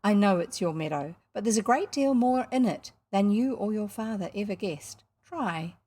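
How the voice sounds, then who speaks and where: Woman voicing a mischievous old hill sprite, teasing, lively, breathy, storybook reading. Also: mid-range voice, moderate pace, natural voice. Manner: lively, teasing, sing-song when chanting.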